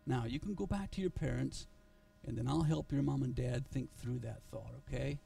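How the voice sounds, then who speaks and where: A male pastor telling a story in a sermon, earnest and halting, with frequent restarts, recorded in a church. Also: mid-range voice, creaky, warm tone, distant mic.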